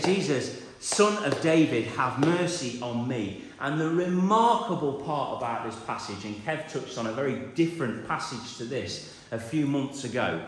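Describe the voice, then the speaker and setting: A man, preaching a lively sermon and acting out the voices in the story. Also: mid-range voice, slight background noise. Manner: animated, acts out voices, builds repetition. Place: church. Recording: echoey church hall.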